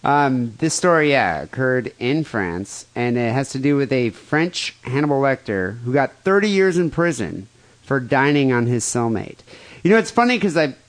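Guy cohosting a podcast, swears a lot, jokey, laughs a bunch, average pitch. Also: very animated, normal speed. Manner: crude, joking, laughs often. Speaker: podcast co-host. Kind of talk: casual podcast chat, reading listener emails.

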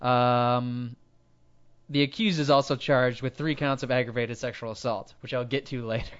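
A man with a smooth, resonant voice of ordinary pitch co-hosts a podcast. He reads out a news article in a casual way, stopping for jokey side comments. The audio is a bit dull and muffled. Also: steady tone, moderate pace. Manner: reads an article aloud with joking asides. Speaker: podcast co-host. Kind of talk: casual chat, retelling a news story.

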